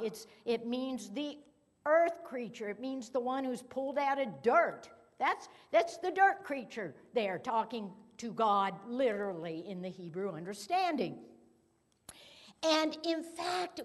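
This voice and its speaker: Female pastor, unhurried conversational sermon with acted-out quotes, echoing sanctuary. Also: high voice, fairly bright tone. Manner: conversational, playful, acts out quoted dialogue. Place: church sanctuary.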